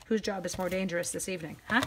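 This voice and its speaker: A woman's voice: on the low side, steady tone, very fast, a little hiss or hum. Chatty woman hosting a live craft stream. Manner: rambling and self-deprecating, greets viewers mid-task. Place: at home.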